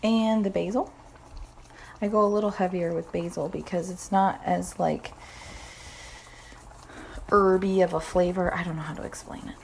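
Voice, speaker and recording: A woman's voice: on the low side, steady tone, moderate pace, creaky, long pauses, a little mellow, a little hiss or hum. A woman hosting a casual home cooking vlog in her kitchen, chatty and rambling, with self-deprecating asides. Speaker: cooking vlogger.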